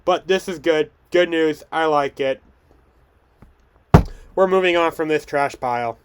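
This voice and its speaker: Young male host, a touch high, clean smooth tone, stumbles and restarts as he chats. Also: a little slow. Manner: rambling, frequent restarts and stumbles. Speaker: podcast host. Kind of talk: casual film news chat.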